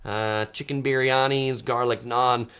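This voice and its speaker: A man's voice: mid-range voice, steady tone, unhurried, a bit bright, clear, resonant tone. A man from California hosting a food video, chatting casually and enthusiastically while reading viewer comments, with frequent ums and uhs.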